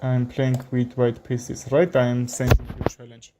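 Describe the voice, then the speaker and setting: A man from Armenia with an Armenian accent, a chess streamer commenting live in halting English with many fillers. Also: mid-range voice, monotone, background noise.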